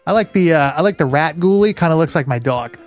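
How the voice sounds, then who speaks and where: Man, podcast co-host, casual movie chat, loose and profane, slightly high voice, faint music underneath. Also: lively intonation, fast. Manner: laid-back, swears freely, many fillers. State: hiccups.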